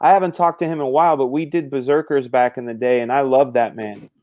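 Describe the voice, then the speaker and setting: A man's voice: mid-range voice, steady tone, fast talker, phone-quality sound. A man on a live talk stream, chatting casually and a bit profanely while recovering from an illness. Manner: loose and profane, storytelling. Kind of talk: casual chat.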